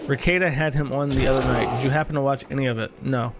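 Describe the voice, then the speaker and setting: A man's voice: medium pitch, steady tone, fast talker, loud music behind the voice. An American man streaming live, reading viewer donations aloud with wry, offhand remarks. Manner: wry, offhand, chuckling asides. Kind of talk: casual live-stream chat.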